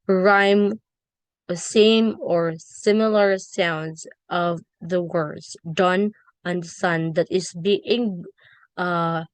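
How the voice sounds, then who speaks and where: Woman, teacher, slow halting lecture, dry close sound. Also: on the low side, no room sound. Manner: slow, halting explanation with fillers and self-corrections. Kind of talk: classroom lecture on poetry.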